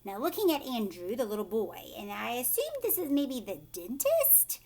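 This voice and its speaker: A woman teacher reads a picture book aloud to children with a high, animated voice. She stops often to ask her young listeners questions. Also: moderate pace.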